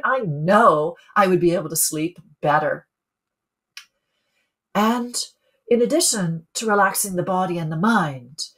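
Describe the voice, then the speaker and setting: A middle-aged woman who coaches people on sleep, speaking calmly in a webinar and putting questions to her listeners. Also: on the low side. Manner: calm, teaching, asks the listeners questions. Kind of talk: webinar talk.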